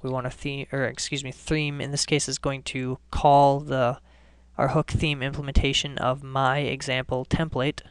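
A man talks through a coding screencast, one step after another, his voice smooth and clear. He keeps an even, level tone and sometimes starts a sentence over. The sound is dry and close, like a desk mic. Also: mid-range voice, moderate pace, dry recording. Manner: relaxed step-by-step explaining with restarts. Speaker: coding tutorial host. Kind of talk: screencast programming lesson.

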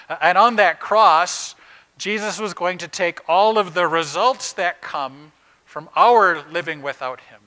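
A male pastor giving a relaxed, conversational sermon, often turning to the congregation with rhetorical questions. His voice sits a bit higher than most men's and has a bright, forceful edge. He speaks in plain words and drops in small "uh" fillers. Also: normal speed, poor audio. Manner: plain, everyday wording with frequent "uh" fillers.

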